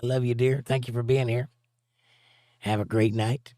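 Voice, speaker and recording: With a warm, mid-range voice that barely moves in pitch, a middle-aged man talks at normal speed while hosting a livestream. The musician jokes loosely and reads out viewer comments between crude asides, his voice recorded close and dry without room sound.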